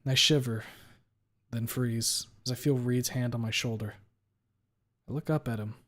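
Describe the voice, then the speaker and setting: A man's voice: mid-range voice, fairly even intonation, normal speed, fairly bright tone. A man streaming a first-person story read-aloud, who occasionally stops to reread a line he stumbled on.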